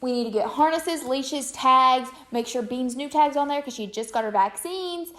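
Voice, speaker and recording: A woman with a somewhat high voice talks to the camera in a loose, chatty way. She tells her story in a rambling flow, full of fillers and restarts. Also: moderate pace, a bit bright. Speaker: vlogger.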